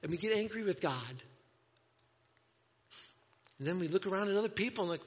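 A man preaching a sermon to a congregation, animated, often acting out voices in quotes. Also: high-pitched, fairly quick, long pauses, slightly rough. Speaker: pastor. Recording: dull sound with long hall reverb.

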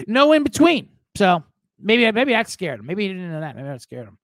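A man's voice: sits high, big pitch swings, a little slow, a bit bright, no room sound. A man in his forties hosting a podcast, telling rambling, profane, self-deprecating stories. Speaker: podcast host. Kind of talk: casual sports podcast monologue.

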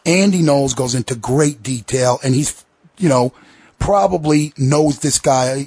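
A man with a husky, slightly rough voice hosts a podcast in a heated, profane rant. His delivery swings between sarcasm and outrage, and the sound is dry and close to the mic with no room around it. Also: medium pitch, darkish tone, no echo. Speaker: podcast host. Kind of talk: ranting podcast commentary.

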